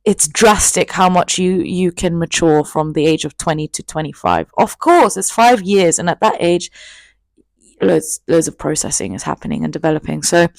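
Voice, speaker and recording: A woman's voice: lowish voice, no room sound. A woman in her twenties telling a personal story in a chatty, candid, self-mocking vlog. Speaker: vlogger.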